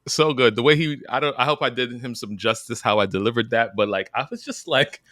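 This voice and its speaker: A young man co-hosting a podcast in casual chat, animated and joking, laughing often. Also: medium pitch, brisk, no echo, clean studio sound. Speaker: podcast co-host.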